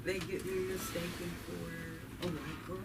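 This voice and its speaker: A woman's voice: fairly low pitch, little pitch movement, a little slow. Woman doing chatty stand-up, far off. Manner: chatty, laughs often, asks the crowd questions. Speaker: stand-up comedian at an open mic. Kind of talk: nervous stand-up set. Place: comedy club stage. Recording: noisy live room, voice from afar.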